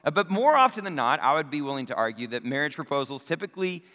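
A male pastor giving a conversational sermon to his congregation, often checking in with them using quick tag questions. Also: fairly high pitch, expressive, bright, forceful tone. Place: church sanctuary. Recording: long reverb of a large hall.

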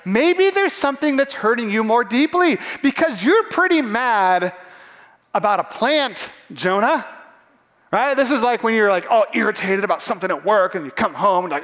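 Male pastor, high, lively voice, preaching in a reverberant hall. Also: moderate pace. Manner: animated, acts out voices of characters. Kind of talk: sermon.

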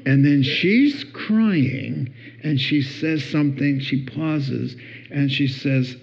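Slow-talking pastor man, dull recording. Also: mid-range voice, creaky. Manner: playful, acts out spouses' words with laughter. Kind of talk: sermon. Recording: dull lo-fi sound.

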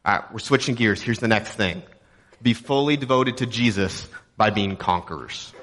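A man's voice: lowish voice, normal speed, a bit bright. A young adult man from Texas preaching a sermon as a pastor, in a conversational, joking way with rhetorical questions. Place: church auditorium.

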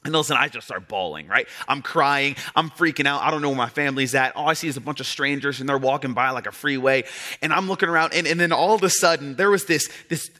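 A male pastor preaching in a loose, conversational way, telling a personal story with lots of fillers. His voice is bright and forceful, pitched at an ordinary male level. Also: quick pace. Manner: conversational and animated, with many fillers.

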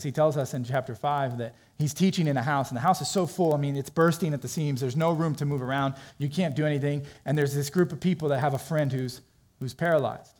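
A man preaching a sermon as pastor, animated and acting out quoted voices, moving between loud stretches and hushed ones. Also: mid-range voice.

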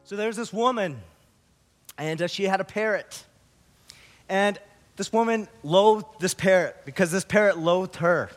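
A man pastor giving a sermon, opening with a story and then preaching slowly and earnestly. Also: high voice.

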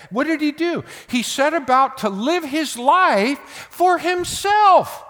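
Older male pastor preaching in a hall. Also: very high-pitched. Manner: emphatic, swinging between loud bursts and hushed asides. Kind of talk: sermon.

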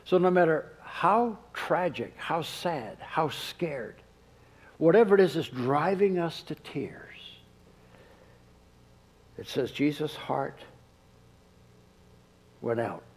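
A man preaching a sermon, who drops to a soft hush when he quotes. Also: on the high side, lively intonation, slow, long pauses, husky, low-quality recording. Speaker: pastor.

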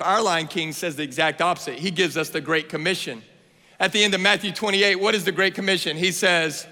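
Male preacher, 30s, bright and forceful, playful build to shouts, big hall echo. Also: sits high, moderate pace. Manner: playful, energetic, rising to shouts. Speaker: guest preacher. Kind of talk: sermon. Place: church sanctuary. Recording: long hall reverb.

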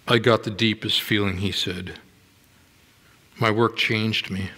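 A man preaching a sermon in a church, slow and deliberate, giving dramatic readings of scripture. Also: lowish voice, bright, forceful tone. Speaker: pastor. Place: church sanctuary. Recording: long hall reverb.

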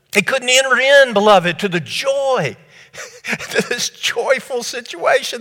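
A man delivers a sermon in a high, bright voice. He reads scripture softly, then bursts into loud, excited storytelling. A long reverb trails his words. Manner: animated, swings from hushed scripture reading to loud excited storytelling. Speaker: preacher.

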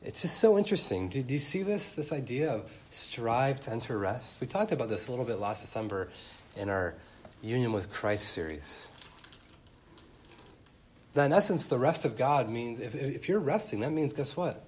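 A man in his thirties preaching a sermon as pastor, animated, speeding up and slowing down and rising to loud emphatic peaks. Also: medium pitch, husky. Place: church.

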